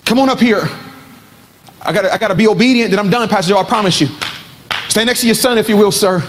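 A man's voice: high-pitched, quick pace. A man preaching a sermon to a men's gathering, telling a story and then building to fervent exhortation.

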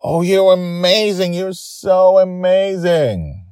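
A man voicing an older grandmother in a story, speaking high and tearfully, then gushing. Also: very animated, takes it slowly, gravelly, mellow, husky, dry recording, full character voice. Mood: elated. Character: emotional grandmother, older woman.

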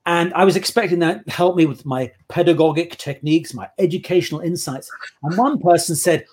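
A man's voice: on the high side, a little fast, darkish tone. A man on a casual interview, telling playful anecdotes about his work as an improv performer. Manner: chatty anecdotal storyteller, playful.

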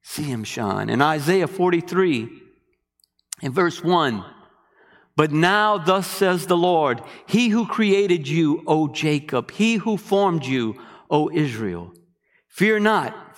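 Slow-talking guy preaching, sings out questions to the crowd, big hall reverb. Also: on the high side. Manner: animated preaching with call-and-response questions. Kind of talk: sermon.

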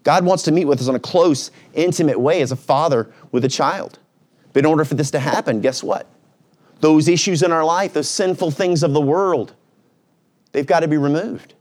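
A male pastor preaching a sermon in a lively, conversational way, dropping to a quiet low voice at reflective moments. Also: moderate pace. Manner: energetic, conversational preaching with sudden pitch swings.

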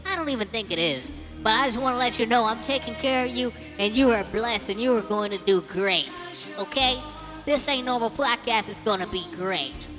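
A man voicing a gentle female guardian angel who speaks softly and reassuringly over a music beat. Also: high-pitched, animated, normal speed, long reverb tail, voice pushed up. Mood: soothing.

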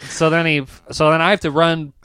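A man's voice: on the high side, brisk, clean tone, no echo. Guy rambling through a funny story, lots of likes and restarts, dead dry sound. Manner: animated, rambling, full of fillers and restarts, laughs mid-sentence. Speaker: stand-up comedian and podcast co-host. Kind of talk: casual storytelling chat.

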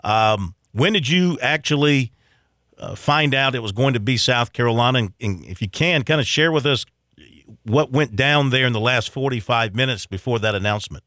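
A man's voice: medium pitch, animated, normal speed, sharp tone, dry recording, studio quality. A man hosting an interview, asking loose, casual questions with lots of fillers. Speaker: radio host.

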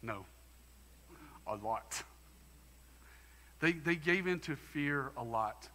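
A man's voice: mid-range voice, expressive, takes it slowly, pushed and bright, in a large hall, a little hiss or hum. A man preaching a sermon as pastor, emphatic and conversational. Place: church sanctuary.

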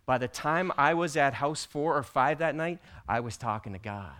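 A man teaching a church group, telling a personal story with animated delivery that builds to loud, emphatic peaks. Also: medium pitch, normal speed. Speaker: church teacher presenting slides.

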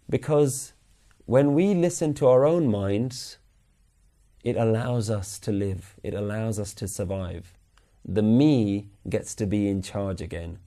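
A man giving a Sikh religious lecture at a weekly class, earnestly questioning his listeners and slowly chanting scripture lines. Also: mid-range voice, warm tone. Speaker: Sikh teacher.

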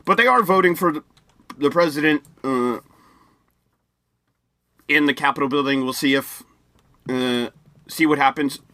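A man's voice: on the high side, unhurried, pauses often, sharp tone, no echo. A man co-hosting a podcast in casual chat, rambling and correcting himself as he goes. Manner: rambling, restarts and self-corrections. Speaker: podcast co-host.

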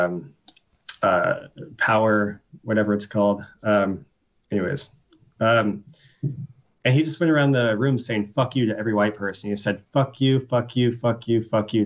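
A young man, a poet being interviewed, talking casually with many fillers and restarts. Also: fairly low pitch. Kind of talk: casual conversation.

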